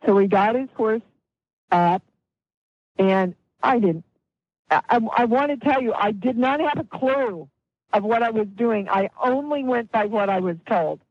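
Woman telling a lively story, muffled. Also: fairly high pitch, unhurried, dry recording. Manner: animated storytelling, acts out quoted voices. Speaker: guest healer. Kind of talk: storytelling in an interview.

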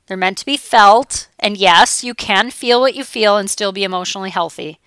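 A middle-aged woman coach giving a chatty, animated motivational talk, now and then acting out her clients' voices. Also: mid-range voice, normal speed, smooth, no room sound, clean studio sound.

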